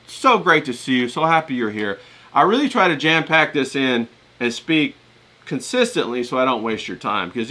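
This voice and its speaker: A man's voice: mid-range voice, bright, forceful tone. A man with a self-described hillbilly Southern US accent, hosting a casual livestream and chatting straight to his viewers in a loose, rambling way. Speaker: livestream host.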